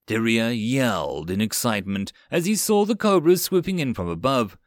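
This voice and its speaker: A man narrating a web novel as an audiobook, with a steady, even reading. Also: medium pitch, moderate pace, dry recording, studio quality.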